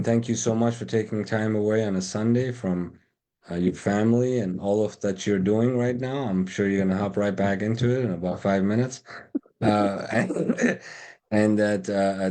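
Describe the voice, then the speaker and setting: A man hosting an interview closes the show in a halting way, with many pauses and fillers. His voice is low and mellow, warm in tone. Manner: halting, filler-heavy delivery. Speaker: host. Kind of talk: interview wrap-up.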